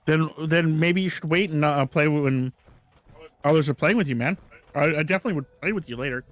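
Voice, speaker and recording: A man streaming a video game, chatting casually with friends in a relaxed, rambling way and correcting himself as he goes. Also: on the high side, a little fast. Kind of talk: casual let's-play chat.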